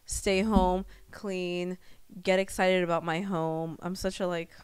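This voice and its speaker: A young woman co-hosting a podcast in casual chat, talkative and quick to laugh, with lots of filler words. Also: lowish voice, little pitch movement, smooth, no echo. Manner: chatty, laughs often, lots of "like". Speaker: podcast co-host, hairstylist.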